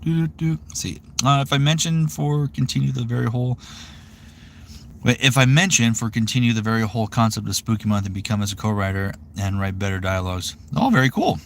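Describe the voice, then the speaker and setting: A man's voice: medium pitch, brisk, vocal fry, a little hiss or hum. A man in his thirties chatting casually on a live stream, rambling with lots of fillers. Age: 30s. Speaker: voice actor streaming.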